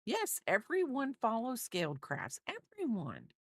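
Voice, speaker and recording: A woman's voice: on the high side, wildly swooping pitch, a little slow, no room sound, studio quality. A woman crochet streamer in a rambling, chatty livestream, talking to her viewers. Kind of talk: casual livestream chat.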